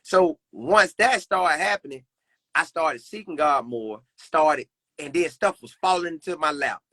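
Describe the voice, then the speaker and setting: A man's voice: on the high side, lively intonation, measured pace, sharp tone, dry recording. A young man talking earnestly about faith as a podcast guest, repeating phrases in a preacherly way. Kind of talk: casual faith conversation.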